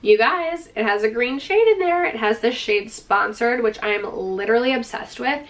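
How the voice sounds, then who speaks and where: A woman's voice: on the high side, moderate pace, fairly bright tone, recorded from a distance. Gushing woman reviewing makeup, a bit off-mic. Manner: gushing, enthusiastic, uses "like" and "freaking" often. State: out of breath, dry throat. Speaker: beauty vlogger. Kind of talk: product review vlog.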